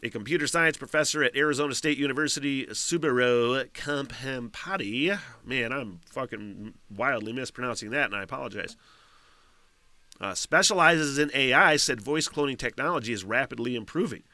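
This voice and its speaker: Guy doing a solo podcast, swears a ton, bright voice, dry close mic. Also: mid-range voice, moderate pace, no room sound. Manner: profane, rambling, reads news aloud with asides. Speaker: podcast host. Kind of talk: casual solo podcast chat.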